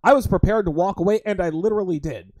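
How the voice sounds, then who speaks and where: A man's voice: high voice, quick pace, darkish tone, no echo. A man hosting a livestream podcast, talking crudely and emphatically and repeatedly calling his listeners guys. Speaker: host.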